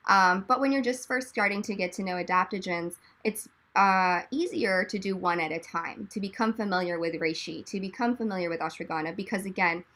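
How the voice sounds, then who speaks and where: Bright, animated woman panelist. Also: mid-range voice. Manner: animated, rambling, jokey asides. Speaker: panelist, drink company founder. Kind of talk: casual explanatory chat.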